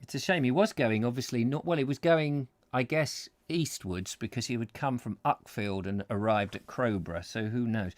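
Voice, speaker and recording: A man's voice: medium pitch, normal speed, hardly any pauses, no room sound. A man reading a travel book aloud live, breaking off for chatty, joking asides. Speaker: host and book reader.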